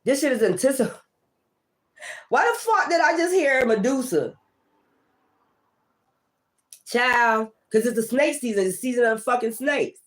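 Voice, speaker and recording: A woman giving a casual tarot reading, blunt, profane and confrontational, moving between loud outbursts and low muttering. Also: expressive, moderate pace. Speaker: tarot reader.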